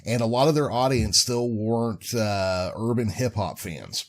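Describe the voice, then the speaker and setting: A man's voice: fairly low pitch, measured pace. An older man co-hosting a podcast, chatting in an easygoing way with dry jokes. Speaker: podcast co-host. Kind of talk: casual chat.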